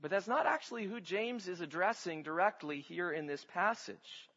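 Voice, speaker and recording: A man's voice: high-pitched, lively intonation, normal speed, fairly bright tone, in a large hall, dull audio. A man pastor preaching a sermon, teaching his congregation with rhetorical questions.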